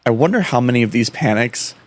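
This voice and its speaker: A man's voice: medium pitch, animated, fast. A young man co-hosting a history podcast, rambling with false starts, laughing often and swearing. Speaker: podcast co-host. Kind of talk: casual history podcast chat.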